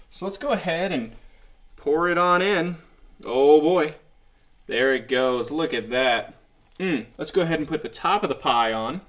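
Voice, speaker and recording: Lively, jokey man hosting a cooking vlog. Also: a little high. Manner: playful, mock-earnest, hypes up bad food. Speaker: cooking vlogger. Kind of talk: jokey mock cooking show narration.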